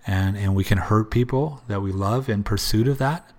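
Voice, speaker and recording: A man hosts a solo motivational podcast about prayer and faith, speaking earnestly and religiously, repeating himself and restarting often. His voice is lowish with a darkish tone, and his pace is moderate.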